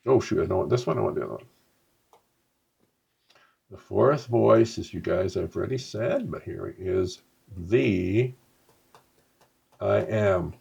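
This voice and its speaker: A man's voice: fairly low pitch, a little slow, creaky, pauses often, a little mellow, slightly rough, dull audio. A man giving a conversational spiritual teaching on a live stream, often checking in with "right?" and answering viewer comments. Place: live stream to an online audience.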